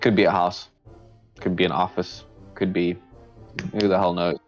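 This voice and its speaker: A deep-voiced man running a tabletop game, describing grimy streets in a loose, casual narration. The sound is dull and lo-fi, with faint music under it. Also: little pitch movement, moderate pace. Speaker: game master.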